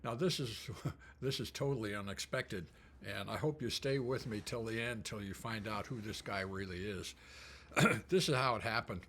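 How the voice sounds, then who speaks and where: An older man telling a personal memory in a casual, rambling way, full of fillers and throat clearing. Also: fairly low pitch, moderate pace, a bit bright. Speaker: storyteller. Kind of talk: casual storytelling.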